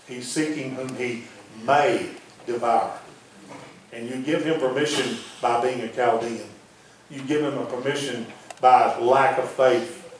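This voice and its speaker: A man preaching a folksy sermon as pastor, dropping his voice low to press a point. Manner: folksy preaching, drops to near-whisper for emphasis. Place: church hall. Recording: very echoey room from far off, faint noise.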